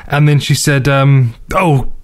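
A man's voice: medium pitch, brisk. A man co-hosting a radio chat show, chatting casually with dry, understated quips.

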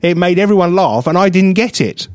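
A radio co-host with a voice that sits high talks a little fast, recorded dry in the studio. He tells stories animatedly on the casual chat show, laughing frequently.

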